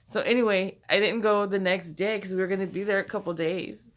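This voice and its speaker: A woman's voice: medium pitch, fairly even intonation, fairly quick. A woman casually telling a personal story, rambling and profane, laughing often as she goes.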